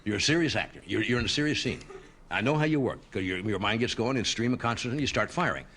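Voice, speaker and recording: A man hosting a late-night talk show, putting measured questions to his guest. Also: on the low side, animated, fairly bright tone, slight background noise. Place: TV studio before a live audience. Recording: archival TV with studio audience. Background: audience laughter and murmur.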